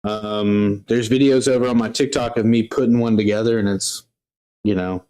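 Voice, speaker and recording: A man's voice: on the low side, fairly even intonation, normal speed, darkish tone. A man co-hosting a casual livestream, bantering with a joking, self-deprecating manner. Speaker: livestream co-host.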